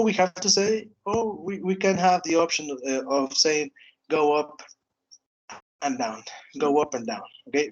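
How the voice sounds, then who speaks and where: Halting teacher, tags "no?". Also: male voice, mid-range voice, poor audio. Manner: halting, repeats words, frequent "okay" and "no?" tags. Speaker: English teacher. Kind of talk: online grammar lesson.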